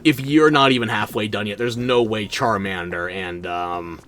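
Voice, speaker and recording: A man's voice: on the low side, steady tone, moderate pace, a bit bright, soft background music. A man streaming a video game, making jokes, mocking himself and rambling as he plays. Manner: joking, self-mocking, rambling. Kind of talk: casual let's-play commentary.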